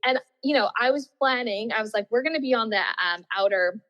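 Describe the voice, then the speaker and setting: A woman, a former Olympian, telling her story in a casual interview. She is animated, laughs often and acts out what she was thinking at the time. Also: fairly high pitch, fairly quick. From Australia. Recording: dull, muffled audio with long reverb.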